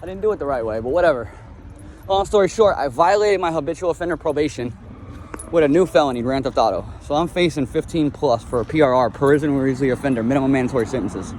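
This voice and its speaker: A man's voice: mid-range voice, fast, a little mellow, slight background noise. A young man from Florida telling his life story in a blunt, rambling, casual monologue, swearing freely.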